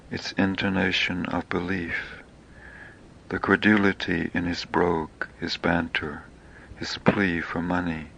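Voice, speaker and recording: Gravelly, half-whispering man. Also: low voice, muffled recording, a little hiss or hum. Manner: slow, hushed, half-whispered phrases. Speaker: author reading his own work. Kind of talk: poetic memoir reading.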